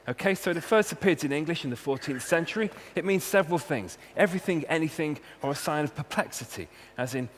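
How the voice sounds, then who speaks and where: A man with a Welsh accent, a university researcher giving a humorous talk and hitting key words with punchy emphasis. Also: a little high. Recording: long hall reverb, faint hum.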